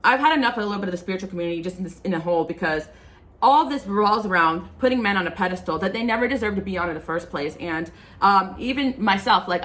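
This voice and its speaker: With a medium pitch and a slightly bright tone, a woman reads tarot for her viewers. She rambles casually and passionately, leaning on plenty of filler words.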